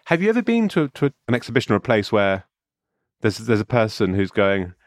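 A man's voice: fairly low pitch, big pitch swings, brisk, no echo, studio quality. A man co-hosting a comedy chat podcast, riffing on ideas and laughing often. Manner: riffing, bursts into laughter, puts on silly voices. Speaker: podcast co-host.

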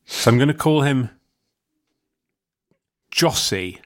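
This podcast co-host, joining over a video call, rambles and giggles through a story with frequent restarts in a casual comedic chat. He speaks slowly and animatedly, at medium pitch with a fairly bright tone.

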